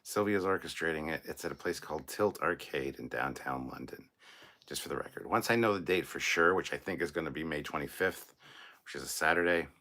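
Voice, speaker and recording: Super deep voiced guy in his 40s, hosting a live stream, joking around with chat. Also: a little fast, bright, forceful tone. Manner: joking, reads viewer comments aloud.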